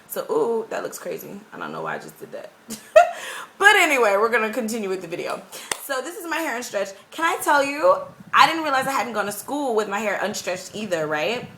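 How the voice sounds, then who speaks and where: A young woman teaching English abroad, chatting to her camera in a rambling, animated way. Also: fairly high pitch, a little fast, slight background noise. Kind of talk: casual talking-head vlog. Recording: echoey room.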